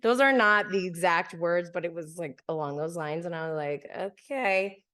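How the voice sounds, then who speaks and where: A woman's voice: on the low side, steady tone, moderate pace, a bit bright, clear, resonant tone. A woman hosting a podcast, casually telling a story in a chatty way, with many "like"s and light laughs. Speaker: podcast host.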